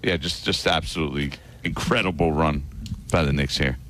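A man's voice: very deep voice, fairly even intonation, normal speed, a bit bright, dry recording. A man co-hosting a sports radio show, explaining at length in a loose conversational way.

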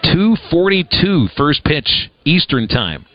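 A man giving live baseball play-by-play as announcer, brisk and conversational with dry humor. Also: a little high, very animated, muffled recording.

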